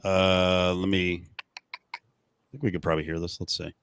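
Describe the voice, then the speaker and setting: A man's voice: low voice, little pitch movement, moderate pace, a bit bright, smooth. A man hosting a live podcast over a video call, talking animatedly with many fillers. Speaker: podcast host. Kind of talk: casual live podcast chat.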